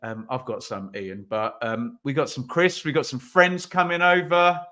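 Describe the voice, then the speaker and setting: Bright-voiced male streamer hosting a football watch-along; loose, chatty, talks straight to his chat. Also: mid-range voice, normal speed. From England. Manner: chatty, reads out viewer comments, bursts into loud calls. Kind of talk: live stream chat and commentary. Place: home office.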